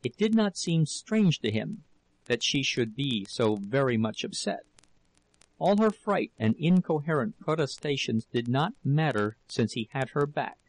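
Male audiobook narrator, steady measured reading, mid-range voice, dry close sound. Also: medium pitch, dry recording, poor audio. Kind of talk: scripted narration.

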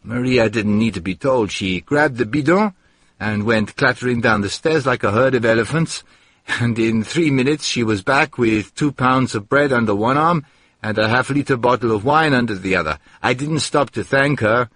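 Husky-voiced man narrating a story. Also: mid-range voice, normal speed, fairly bright tone, no echo. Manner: dry, wry storytelling with acted dialogue. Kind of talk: first-person audiobook narration.

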